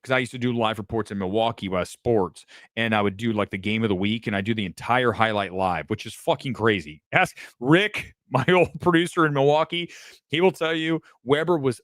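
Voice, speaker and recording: A man hosting a casual live commentary show, animated and profane, jumping from topic to topic. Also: medium pitch, a little fast, no echo, studio quality. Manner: animated, swearing, jumps between topics. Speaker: host.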